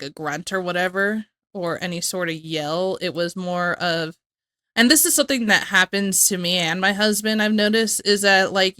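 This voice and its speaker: A woman's voice: on the low side, bright, forceful tone, no room sound, studio quality. A woman hosting a reaction video, chatting in a rambling way and laughing often. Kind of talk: casual reaction commentary.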